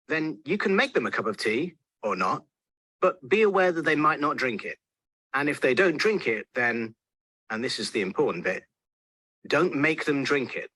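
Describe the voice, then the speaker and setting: A man's voice: on the high side, very animated, normal speed, pushed and bright, breathy edge, dry recording. A man narrating a scripted explainer video in a wry, patient way, repeating his points for effect.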